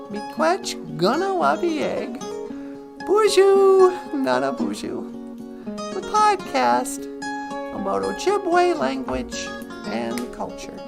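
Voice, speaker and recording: A woman's voice: high-pitched, gravelly. A woman co-hosting a casual, playful podcast, goofing around and making beeping computer noises. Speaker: podcast co-host.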